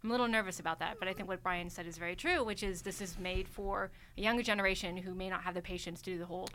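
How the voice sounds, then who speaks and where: A woman co-hosting a casual gaming podcast. She talks fast and with enthusiasm, in a bright, forceful voice. Faint room ambience sits behind her. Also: fairly low pitch, steady tone, a little hiss or hum. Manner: enthusiastic, quick. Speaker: podcast co-host. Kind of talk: casual chat.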